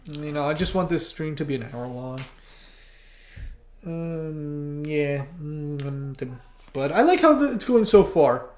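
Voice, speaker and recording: A livestream host who animates talks casually to viewers, stumbling over words and restarting sentences. The voice sits at a middling pitch. It rings in a roomy, echoey space. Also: expressive, a little mellow, a little hiss or hum. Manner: halting, stammering with many restarts. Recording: roomy echo.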